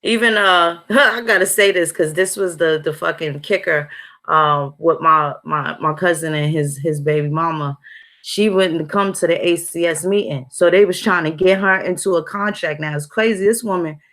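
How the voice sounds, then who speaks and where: A woman's voice: on the low side, moderate pace, fairly bright tone. A woman hosting a casual conversation, talking bluntly with heavy cursing and strong emphasis. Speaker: host.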